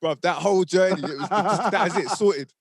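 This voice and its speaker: A man's voice: high voice, fairly quick, husky, dry recording. A young man, chatting casually as a podcast co-host and acting out the voices in his stories. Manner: animated storyteller, acts out what people said. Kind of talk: casual chat.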